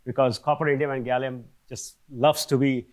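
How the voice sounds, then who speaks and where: Man, older, seminar lecture, conversational, frequent check-ins, mid pitch. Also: flat delivery, moderate pace, a little mellow. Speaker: seminar speaker. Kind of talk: academic lecture. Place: lecture hall.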